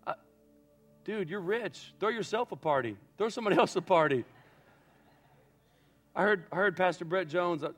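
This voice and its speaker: Dynamic preaching man over soft music. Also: a little high. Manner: dynamic preaching, swinging between loud acted-out quotes and quiet reflective passages. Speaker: pastor. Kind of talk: sermon.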